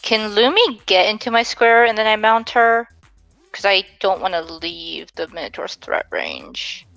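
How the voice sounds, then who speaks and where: Slow, gravelly-voiced woman player. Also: medium pitch, sing-song, fairly bright tone, dry recording, muffled recording, faint music behind. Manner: hesitant, lots of ums. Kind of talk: casual tabletop play.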